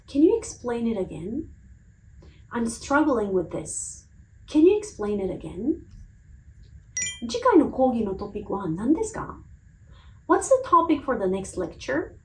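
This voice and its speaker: A woman teacher with a high voice works through a list of phrases. She says each in Japanese, then repeats it twice in English, slowly and clearly, so learners can copy her pronunciation. Her pitch rises and falls in a lively way. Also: slight background noise, rough recording. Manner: slow, careful, clearly pronounced English phrases.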